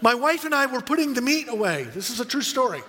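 A middle-aged man preaching a sermon as a pastor, telling stories with animated quoted voices. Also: very high voice, quick pace, in a large hall, slight background noise.

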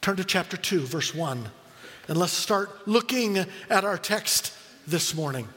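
Middle-aged guy preaching in a church, really high voice, long hall reverb. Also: a little slow. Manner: storytelling, animated quoted voices. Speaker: pastor. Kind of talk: sermon.

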